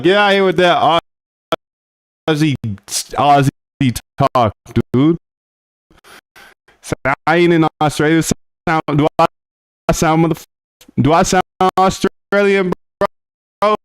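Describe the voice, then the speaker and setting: A man muttering to himself and his chat as he codes on stream. His voice sits somewhat high and he drags his words out at an unhurried pace. He talks in loose slang and tosses in "dude" and "bro" all the time. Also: animated, fairly bright tone, no echo. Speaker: streamer coding a trading bot. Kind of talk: casual live-stream self-talk.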